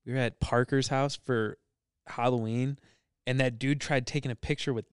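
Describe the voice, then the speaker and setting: A young man hosts a podcast, teasing his guest and retelling stories with swearing and quoted lines. His voice is smooth and clear at a middle pitch. It is recorded dry and up close. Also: steady tone, normal speed, no room sound. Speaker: podcast host. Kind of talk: casual chat.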